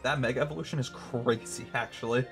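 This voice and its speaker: Male streamer, sarcastic gameplay commentary, loud laughing reactions, faint game music underneath. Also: mid-range voice, steady tone, fast. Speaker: gaming streamer.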